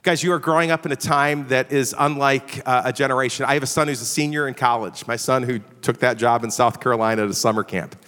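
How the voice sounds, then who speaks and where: Middle-aged preacher guy from chicago, high bright voice, chatty and self-deprecating, big echoey hall. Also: steady tone, quick pace, hardly any pauses. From Chicago area, USA. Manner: self-deprecating, conversational, often adds "all right?". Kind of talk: storytelling sermon. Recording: long reverb of a big hall.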